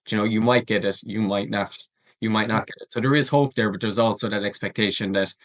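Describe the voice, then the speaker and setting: A man hosts a podcast interview with a fairly low voice. He reflects and thinks aloud in a casual conversational way. His questions are relaxed and searching. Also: fast talker. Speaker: podcast host.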